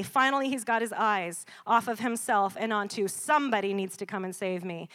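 A woman preaching a sermon, checking in often with "Amen?" and building to loud, emphatic peaks. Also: medium pitch, moderate pace, few pauses.

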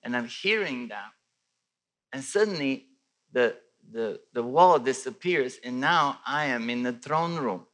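Speaking at a measured pace in a mid-range voice, a man from Bulgaria tells his faith testimony with lively storytelling. His delivery is full of restarts, and his voice swings up and down.

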